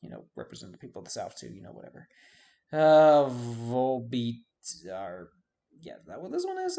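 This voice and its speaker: A man's voice: medium pitch, huge pitch swings, normal speed, gravelly, a little mellow. A man giving casual video game commentary, rambling and forgetting names with self-deprecating asides. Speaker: YouTube host.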